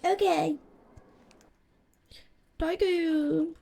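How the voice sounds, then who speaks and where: A woman's voice: extremely high pitch, steady tone, very slow, creaky, warm tone. A woman streaming a game live, reacting in a playful, crude, casual way.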